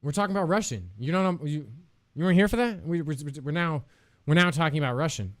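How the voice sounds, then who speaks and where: A man's voice: a little high, animated, fast talker, dry recording, clean studio sound. A man streaming live, chatting casually with viewers in a playful, joking way, laughing often and swearing freely.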